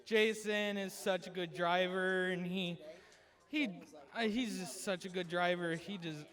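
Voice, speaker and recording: A man race driver speaking haltingly and emotionally after a race. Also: sits high, fairly even intonation, fairly bright tone.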